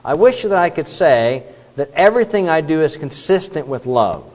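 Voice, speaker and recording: A man's voice: on the high side, sing-song, moderate pace, darkish tone. A middle-aged man preaching a sermon as a pastor, earnest, telling stories with frequent fillers. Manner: earnest, with many fillers and illustrations. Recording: dull reverberant hall recording.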